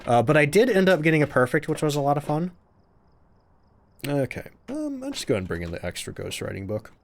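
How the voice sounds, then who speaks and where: A man's voice: fairly high pitch, very animated, quick pace, gravelly, a little hiss or hum. A man casually chatting on a live game stream, reading out chat questions and answering them while he plays.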